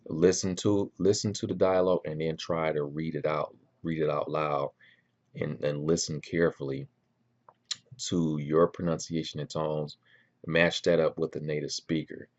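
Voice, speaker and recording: A man giving casual spoken advice on learning languages, relaxed and rambling with many ums and restarts. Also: extremely low pitch, lo-fi sound.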